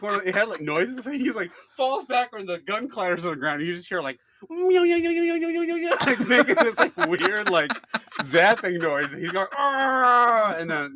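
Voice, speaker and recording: A man's voice: high-pitched, pushed and bright. A young man co-hosting a podcast, telling a story in casual chat and laughing often. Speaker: podcast co-host.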